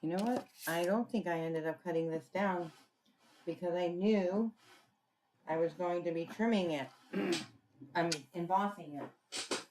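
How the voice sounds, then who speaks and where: Low-voiced woman demonstrating card crafting. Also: measured pace, pauses often, a little mellow, slight background noise. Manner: chatty, thinking aloud while working, frequent throat clearing. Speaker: papercraft demonstrator. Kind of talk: casual craft tutorial.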